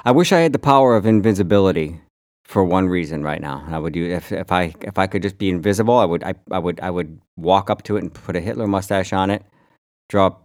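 A rambling, animated man in casual podcast chat, his low voice sitting right on the mic in a dead-dry room. He swears freely, circles back on himself and restarts sentences as he talks. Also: fast talker, dry recording. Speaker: podcast co-host.

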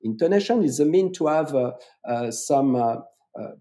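A man's voice: mid-range voice, animated, normal speed, warm tone. A man with a French accent, a public speaking coach explaining his methods in an interview, emphatic and repeating words for stress.

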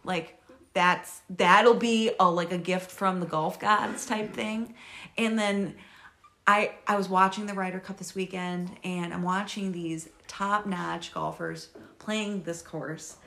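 A woman in her thirties chatting casually on a podcast, excitable and quick to laugh. Her voice is bright and forceful, and she swears freely as she talks. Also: fairly low pitch, gravelly. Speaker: podcast co-host. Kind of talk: casual chat.

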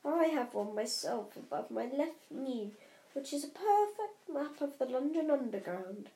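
A woman voicing a calm, wise elderly wizard man with a gently whimsical way of speaking, in a storybook reading. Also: sits high, unhurried. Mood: wry. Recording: roomy echo.

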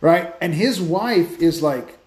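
Man, podcast host, high voice, echoey room, lively storytelling, restarts. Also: slow pace. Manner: animated storytelling with many restarts. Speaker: podcast host, Christian speaker. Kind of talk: casual faith talk.

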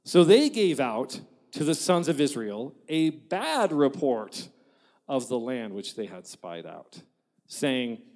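A man preaching a sermon in an animated, joking way, acting out quotes and laughing at his own jokes. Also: mid-range voice, takes it slowly. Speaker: pastor. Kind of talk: lively sermon. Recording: long reverb of a large hall.

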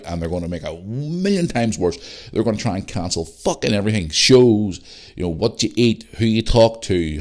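A man hosts his own podcast in a casual, opinionated ramble. His voice sits low and deep. He talks bluntly and swears freely. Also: a little mellow. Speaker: podcast host. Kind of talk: casual ranting monologue.

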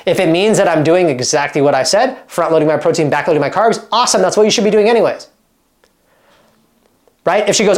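A man in his thirties from Oregon, a fitness coach talking casually to camera in an animated, emphatic way, full of fillers and quick restarts. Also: high voice. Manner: animated and emphatic, acts out quoted dialogue.

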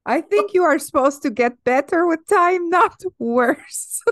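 A woman's voice: very high-pitched, lively intonation, takes it slowly, fairly bright tone, no room sound, clean studio sound, pitched above the performer's own voice, heavily acted. A woman putting on a mock Russian accent, speaking in clipped broken English that drops its articles. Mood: wry.

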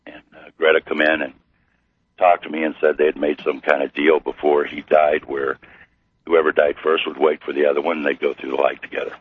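Very deep, husky man on a phone line. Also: flat delivery. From Missouri. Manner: slow, halting with many fillers. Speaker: guest. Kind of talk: storytelling interview. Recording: tinny phone-like radio line.

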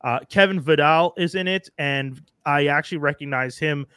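A man's voice: a little high, normal speed, bright, forceful tone, clean tone, dry recording, clean studio sound. A man co-hosting a podcast, chatting casually and with enthusiasm about shows and actors. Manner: enthusiastic, talkative, slangy. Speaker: podcast co-host. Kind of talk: casual chat.

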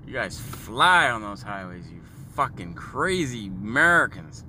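A man's voice: medium pitch, normal speed, hardly any pauses, pushed and bright. A Canadian man in his thirties from Ontario, ranting and joking crudely, with lots of swearing. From Sault Ste. Marie, Ontario, Canada. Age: 30s. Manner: crude, mocking, joking with profanity. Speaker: vlogger. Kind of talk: profane ranting monologue. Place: in a moving car. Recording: road noise from a car.

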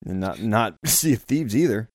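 A man hosts a casual gaming podcast and tells stories with a lot of laughter. His low voice swings widely in pitch. It is recorded close and dry. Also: moderate pace, no room sound. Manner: laughing, lively storyteller. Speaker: podcast host. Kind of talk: casual chat.

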